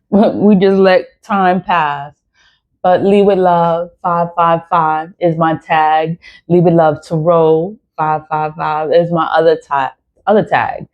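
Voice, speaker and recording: A woman with a slightly low voice rambles through a casual vlog, blunt and repetitive, with swearing dropped in freely. The recording is dull and lo-fi, with the top end muffled. She talks as a tarot reader speaking straight to her viewers.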